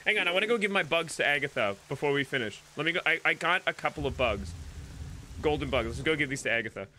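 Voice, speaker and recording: A man's voice: a little high, expressive, fast, bright, forceful tone, a little hiss or hum. A young man giving joking, irreverent commentary while playing a game, laughing often. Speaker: gaming streamer. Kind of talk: casual gameplay commentary.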